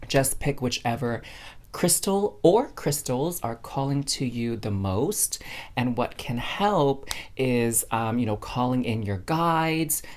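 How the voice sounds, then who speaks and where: A woman giving a casual, chatty spiritual card reading to camera, bubbly and addressing viewers as fam. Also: a bass voice. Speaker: tarot card reader.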